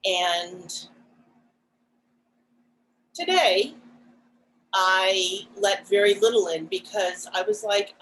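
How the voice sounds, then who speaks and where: A woman co-hosting a podcast, talking in a reflective, casual way, soft-spoken and pausing often with fillers. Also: mid-range voice, a little hiss or hum, poor audio. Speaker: podcast co-host.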